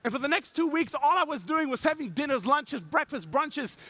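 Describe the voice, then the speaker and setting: A man with a German accent giving an energetic conference talk, acting out quotes and swearing for emphasis. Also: extremely high pitch, normal speed. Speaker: conference speaker. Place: conference stage before an audience.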